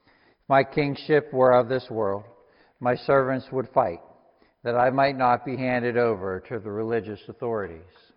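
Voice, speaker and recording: A man reading the lines of Jesus on trial, in a quiet, measured, grave way. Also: medium pitch, natural voice. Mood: solemn. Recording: long reverb, dull lo-fi sound.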